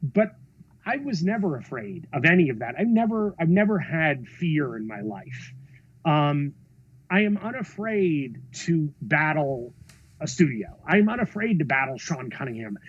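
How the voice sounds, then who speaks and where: A man with a slightly husky, fairly high voice tells stories in a podcast interview, swinging his pitch widely as he acts out what others said. He swears freely and sounds expressive. The audio is dull and lo-fi, like a remote call. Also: unhurried. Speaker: film director and writer, interview guest. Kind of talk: animated storytelling in a podcast interview.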